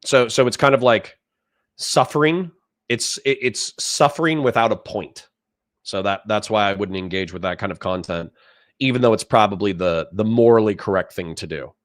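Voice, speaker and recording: A man's voice: lowish voice, moderate pace, dry recording. Man, live-stream commentator, smart-aleck lecturing tone, dead-dry close mic. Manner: sarcastic, condescending lecturing to chat. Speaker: streamer host.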